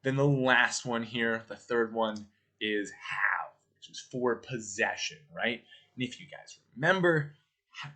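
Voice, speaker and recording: A man's voice: on the low side, pushed and bright. A male teacher giving a recorded grammar lesson, explaining patiently step by step and often checking in with the listener.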